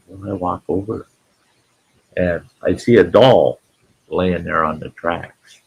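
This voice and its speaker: Man, live-stream host, folksy rambling storyteller, slow talker, deep voice. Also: fairly even intonation, gravelly, breathy edge, poor audio.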